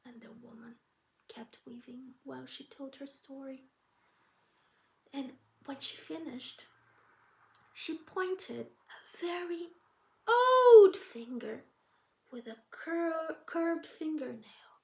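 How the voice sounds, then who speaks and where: Woman storyteller; high, slow, whispery fairy-tale telling, roomy echo. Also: expressive, vocal fry, a little mellow, a little hiss or hum. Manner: slow, dramatic, drops often into a whisper.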